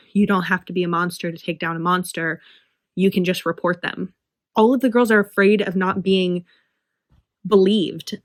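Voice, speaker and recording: A woman's voice: medium pitch, no echo. A woman talking passionately and emphatically in a casual book review vlog, with frequent fillers. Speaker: book vlogger.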